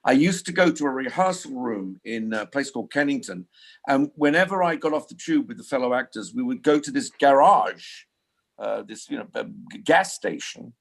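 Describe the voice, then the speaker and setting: Older man, gravelly voice, casual chat, restarts sentences a lot. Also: mid-range voice, lively intonation, moderate pace. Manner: rambling with frequent restarts. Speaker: guest. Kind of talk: casual conversation.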